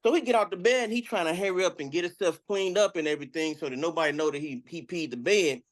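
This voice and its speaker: A man's voice: on the high side, fast. A man improvising a story in a rambling way, often asking if the listener follows. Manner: rambling, keeps adding "you know what I'm saying".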